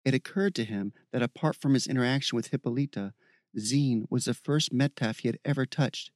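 A man's voice: mid-range voice, a little fast, darkish tone, no room sound. Man narrating an audiobook, dry and close.

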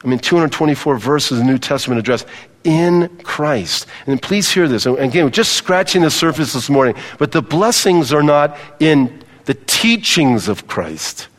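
A male pastor delivering a sermon in a church sanctuary, his voice sitting a little high for a man. He drives home his points with emphatic repetition and keeps asking the congregation to say the words back. The sound carries the long reverb of a large hall. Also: expressive, normal speed. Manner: emphatic, repeats key phrases and calls for congregation responses.

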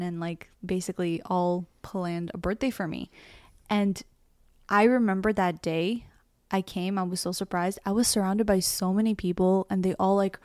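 A young woman from Canada co-hosts a casual podcast and talks in an earnest, reflective way. Her voice sits at an ordinary pitch and sounds dry and close to the mic, with no room around it. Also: a little mellow, no echo. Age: young adult. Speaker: podcast co-host. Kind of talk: casual chat.

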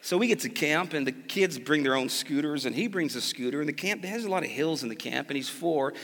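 A pastor telling a family story in a sermon, animated and jokey, moving between hushed asides and loud bursts. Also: male voice, on the high side, fairly quick. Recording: long reverb of a large hall.

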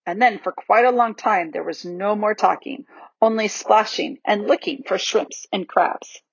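A woman narrating a children's storybook aloud with an expressive, varied delivery, on a dull lo-fi recording. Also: medium pitch, measured pace, gravelly, husky, no room sound. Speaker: audiobook reader.

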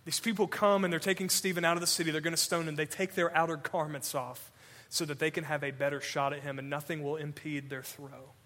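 A man preaching a sermon as pastor, swinging between urgent loud passages and hushed, slow emphasis. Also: on the high side, little pitch movement. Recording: long hall reverb.

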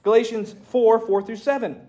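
A man preaching a sermon as pastor, reading scripture aloud in an animated way with folksy asides. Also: very high-pitched, moderate pace.

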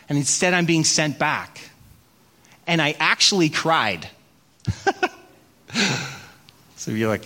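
Middle-aged guy preaching, high voice, animated storyteller poking fun at himself. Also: slow, pauses often. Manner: animated, self-mocking storyteller acting out his own prayers. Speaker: pastor. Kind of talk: sermon with storytelling.

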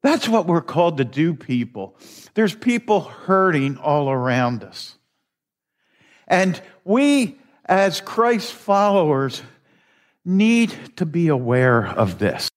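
Middle-aged guy preaching a chatty sermon, kinda high voice, slow and rambly. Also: sing-song. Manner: rambling, folksy, with restarts and chuckles. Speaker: lay preacher. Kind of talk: conversational sermon. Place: church sanctuary.

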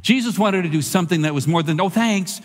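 A male pastor preaching a sermon in a church, animated and conversational, repeating phrases for emphasis. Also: fairly high pitch, fast talker. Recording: long reverb of a large hall.

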